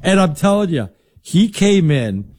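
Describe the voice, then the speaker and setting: A middle-aged man co-hosting sports talk, telling stories in a loud, lively, boisterous way. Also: on the high side, moderate pace. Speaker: sports radio co-host. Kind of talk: casual sports talk banter.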